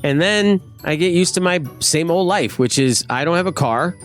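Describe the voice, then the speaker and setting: A man's voice: fairly high pitch, expressive, moderate pace, faint music behind. A man telling a personal story in a casual, self-mocking way, laughing as he goes. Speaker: guest storyteller.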